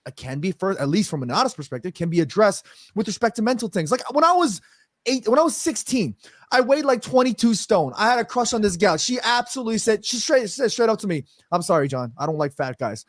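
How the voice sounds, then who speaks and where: A man with a New York accent on a casual football panel, animated and brash, swearing freely as he talks. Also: high-pitched, fast, no echo, studio quality. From New York City.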